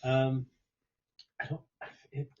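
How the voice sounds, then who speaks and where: A man's voice: mid-range voice, monotone, takes it slowly, a little mellow, muffled recording. A man in a casual chat, hesitantly sharing a fun fact.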